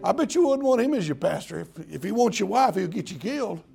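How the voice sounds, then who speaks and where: A man's voice: high-pitched, big pitch swings, fast talker, creaky, a little mellow, husky. An older man preaching a folksy sermon, joking with the congregation and acting out prayers in mock-crying voices. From Southern US. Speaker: pastor.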